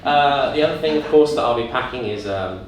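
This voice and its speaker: A young man doing an awkward, deadpan in-character stand-up set, with faltering delivery and sudden squeaky put-on voices. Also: brisk. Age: young adult. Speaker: student stand-up comedian. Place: student comedy club stage with audience. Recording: very echoey room, distant mic, noisy. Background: audience laughter and room ambience.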